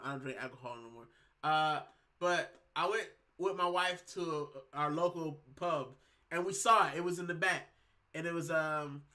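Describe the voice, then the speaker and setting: A man from Puerto Rico chats casually as a show host, with a high, bright, forceful voice. He tells stories in loose slang and says bro a lot. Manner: slangy storytelling, keeps saying bro. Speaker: football channel host. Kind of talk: casual chat.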